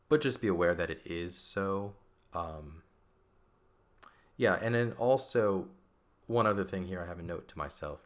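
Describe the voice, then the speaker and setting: Speaking in a deep voice, a male Latin teacher walks through grammar on a shared screen. His manner is easygoing and chatty, and he frequently asks "right?" to check in.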